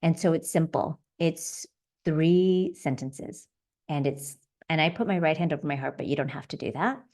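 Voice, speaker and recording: A woman hosting a podcast, gently guiding listeners through self-compassion practices and repeating soft affirmations. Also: low-pitched, normal speed. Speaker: podcast host. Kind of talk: self-help teaching talk.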